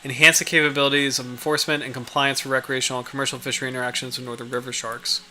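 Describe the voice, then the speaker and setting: A man's voice: mid-range voice, flat delivery, racing, bright, forceful tone, slight background noise. A man hosting a casual livestream, reading out a study and chatting with viewers, with many fillers and restarts. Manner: rambling, reads out study, chats with viewers. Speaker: livestream host.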